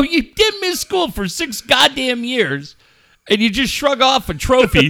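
A high-pitched, bright middle-aged man tells a story on a podcast in a profane, animated rant. His voice swings hard between low grumbles and near-yells. The sound is close and dry. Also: a little slow, vocal fry, no room sound. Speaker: podcast host. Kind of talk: casual podcast chat.

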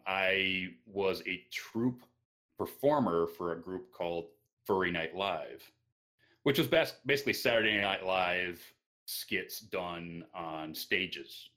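A man answering interview questions casually, hesitant with frequent pauses and restarts. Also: low voice, pushed and bright. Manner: hesitant, many ums and restarts. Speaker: interview guest.

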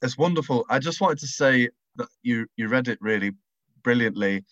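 A man's voice: medium pitch, normal speed, fairly bright tone, no echo. A man chatting casually and enthusiastically, rambling through his ideas. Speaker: writer and panelist. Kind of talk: casual chat. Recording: dull lo-fi mic.

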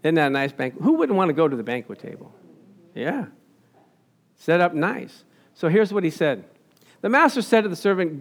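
A man preaching a sermon as pastor, animated, laughing often and asking his listeners questions he then answers himself. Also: a little high, normal speed, long pauses. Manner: animated, asks the congregation questions and answers them. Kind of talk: sermon with slides.

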